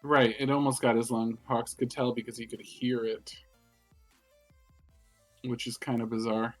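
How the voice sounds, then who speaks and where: A man's voice: mid-range voice, little pitch movement, a little slow, faint music behind. A man co-hosting a podcast, casually discussing an anime and skeptically teasing his partner. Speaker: podcast co-host.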